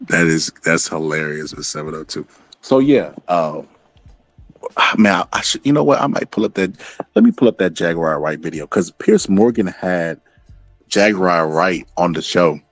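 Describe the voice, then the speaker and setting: A man with a very low voice delivers a loose, rambling commentary rant full of swearing. He acts out other people's lines as he goes. The sound is dry and close, with faint music underneath. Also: expressive, moderate pace, dry recording. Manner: rambling and profane, acts out quotes. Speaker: commentary channel host.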